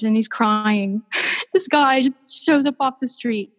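A woman artist telling warm, gushing stories in a casual podcast chat, with many restarts. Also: a little high, slow pace. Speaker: painter, podcast guest. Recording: long hall reverb.

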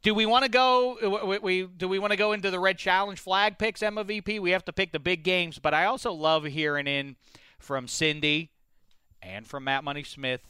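A casual sports talk host with a high, bright voice that sits forward. His speech comes across smooth and clear, with quick asides and a relaxed, chatty flow, recorded dry and close. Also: dry recording. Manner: chatty, quick asides, slips into a playful mock English accent.

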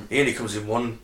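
Man, podcast co-host, dry crude delivery, reads out facts, middle pitch, echoey room. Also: a bit bright. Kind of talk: reading out facts, casual banter.

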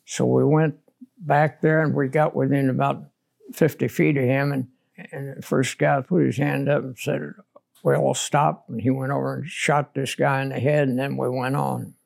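A man's voice: mid-range voice, level tone, normal speed, vocal fry, a little mellow. An older man, a war veteran, recounting his combat memories in a blunt, plainspoken way during an oral history interview.

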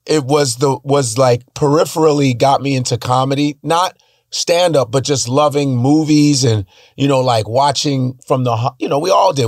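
A man telling stories as a podcast guest in a casual, animated and profane way. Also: medium pitch, no echo, clean studio sound.

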